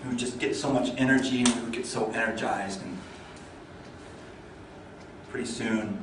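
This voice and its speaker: A man giving a storytelling speech at a speaking club, swinging from lively and loud to low and hushed. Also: normal speed, noisy background. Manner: animated, builds up energy then drops low. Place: meeting hall. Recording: echoey hall, mic far off.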